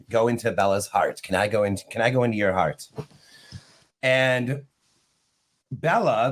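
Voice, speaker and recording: A middle-aged man, an author chatting casually on a video call, telling stories with laughs and quick asides. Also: medium pitch. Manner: animated, laughing storyteller. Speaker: author guest. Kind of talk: casual chat.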